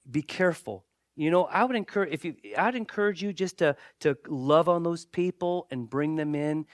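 A man's voice: fairly high pitch, dry recording. Conversational preacher man, dry close sound. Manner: conversational preaching with joking asides; repeats and restarts phrases. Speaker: pastor. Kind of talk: sermon.

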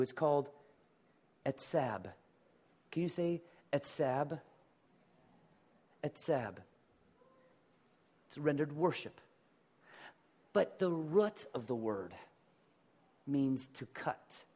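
A man's voice: a little high, darkish tone. A middle-aged male pastor preaching a sermon in a conversational way, asking the congregation to repeat words after him.

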